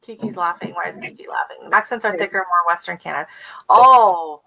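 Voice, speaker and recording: A middle-aged woman from the United States hosting a casual livestream chat, talking warmly and laughing often as she mimics accents. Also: lowish voice, fast talker, creaky, poor audio. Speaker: host.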